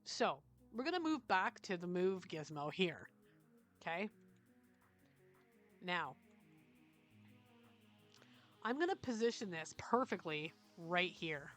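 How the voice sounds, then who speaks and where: A woman with a Canadian accent hosting a screen-recorded software tutorial, chatty and checking in often with "okay?". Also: lowish voice, very animated, slow pace, long pauses, faint music behind. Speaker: tutorial host.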